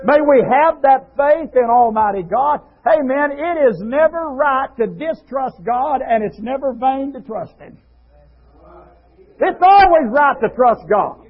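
A man preaching a sermon, swinging from low murmurs to shouted exclamations. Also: lively intonation, a little slow. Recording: tinny lo-fi radio broadcast.

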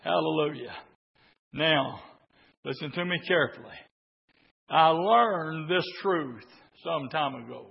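A man preaching a sermon, swinging between hushed talk and shouted exhortation, on a dull lo-fi recording. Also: a little high, slow pace, vocal fry, pauses often, slightly rough, big-room sound.

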